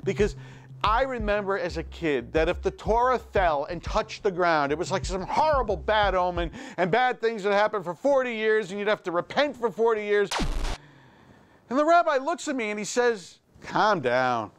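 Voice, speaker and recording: A man's voice: high-pitched, expressive, normal speed, slight background noise. A middle-aged man hosting a comedy show, delivering an exasperated, self-mocking stand-up monologue. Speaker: host.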